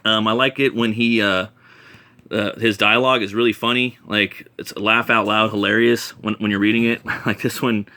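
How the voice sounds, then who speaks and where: A man's voice: on the low side, steady tone, moderate pace, pushed and bright. A man casually reviewing comic books, rambling enthusiastically with many fillers and restarts.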